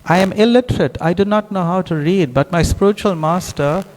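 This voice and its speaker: A man's voice: high voice, brisk, darkish tone, a little hiss or hum, pitched above the performer's own voice, close to an everyday voice. A man voicing a humble, illiterate old male Brahmin who speaks earnestly, recorded with a long hall reverb. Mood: earnest, moved. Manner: earnest, tearful pleading.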